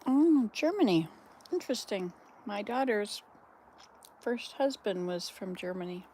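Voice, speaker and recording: An older woman chatting casually as a vlog host, soft-spoken and easygoing. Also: lively intonation, measured pace, a little hiss or hum. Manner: chatty, soft-spoken, calls to cats in a high sing-song. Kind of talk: casual live chat.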